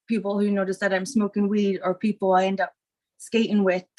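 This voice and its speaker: A stoned woman with a Scottish accent softened by American influence, talking casually as a podcast guest. She rambles and drifts between thoughts with lots of "like" and "um", at an ordinary middle pitch. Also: brisk. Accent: Scottish, partly Americanized. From Scotland. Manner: rambling, relaxed, filler-heavy.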